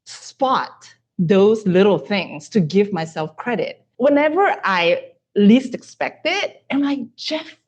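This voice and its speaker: A woman's voice: medium pitch, lively intonation, slow. A woman hosting a conversational interview, speaking encouragingly and laughing often. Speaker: host.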